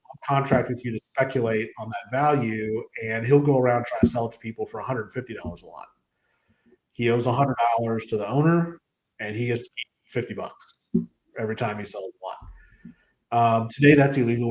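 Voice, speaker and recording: A man's voice: medium pitch, darkish tone, rough recording. A man, co-hosting a talk show and explaining step by step in a casual way. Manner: explains history step by step, acts out dialogue. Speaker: co-host.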